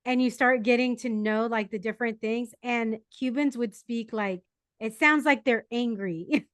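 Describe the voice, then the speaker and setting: Higher-voiced woman host, dry close sound. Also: unhurried, no room sound. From San Diego, United States. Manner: curious, asks questions, laughs along easily. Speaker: podcast host. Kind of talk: casual interview chat.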